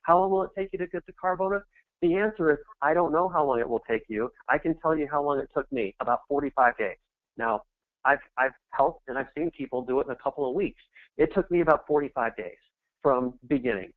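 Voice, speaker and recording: A middle-aged man pitching with pep-rally energy, his voice sitting a little high for a man. The sound is thin and phone-like, dry with no room around it. He builds the numbers up and pushes hard to convince. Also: fairly quick, no echo. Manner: energetic, pep-talk delivery that climbs to shouting peaks. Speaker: network marketing presenter. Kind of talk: motivational sales presentation.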